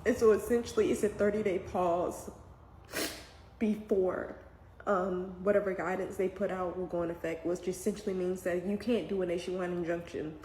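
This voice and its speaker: A woman's voice: mid-range voice, a little mellow. A mother giving earnest, emotional commentary to camera, near tears as she speaks. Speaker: parent reacting to news. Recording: echoey room with faint background noise.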